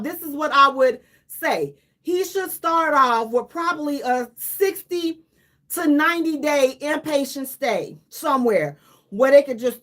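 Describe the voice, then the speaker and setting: A woman's voice that sits high carries casual, lively radio commentary. As host she speaks emphatically, repeating herself for effect, with laughs scattered between lines.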